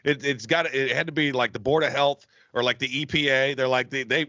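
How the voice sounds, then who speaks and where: A young man co-hosting a comedy podcast, telling a long profane bit in a rambling, animated way. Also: medium pitch, fairly quick, hardly any pauses, no room sound, muffled recording. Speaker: podcast co-host. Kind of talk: casual comedic chat.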